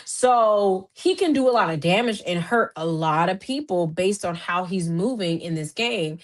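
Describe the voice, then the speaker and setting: A woman hosting a podcast, giving a casual recap in an animated, chatty way, full of fillers and restarts, her voice jumping higher when she gets excited. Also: normal speed. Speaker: podcast host.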